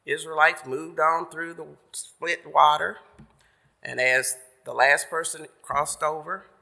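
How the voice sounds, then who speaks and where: Taking it slowly with fairly even intonation, a man from the congregation delivers the message by telling a sermon story, folksy and conversational, paraphrasing as he goes. His fairly high voice sounds gravelly and bright, trailed by a long church reverb.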